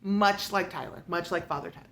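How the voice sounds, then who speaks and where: A woman reviewing a book in a casual, sarcastic way. She retells the plot with lively, mocking asides. There is a faint noise in the background. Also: lowish voice, a little fast.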